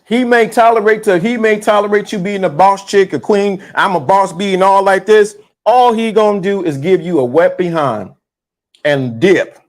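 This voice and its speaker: High-voiced frank man hosting a stream. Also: normal speed. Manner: blunt, frank, slangy, with restarts. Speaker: host. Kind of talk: casual live-stream talk.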